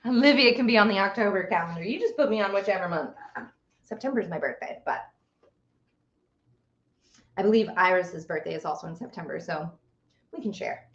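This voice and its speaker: A woman's voice: mid-range voice, animated, a little fast, long pauses, echoey room, highs cut off. A woman hosting a casual live stream, chatting with viewers and reading out their comments. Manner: chatty, reads out viewer comments, stumbles over long words. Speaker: livestream host.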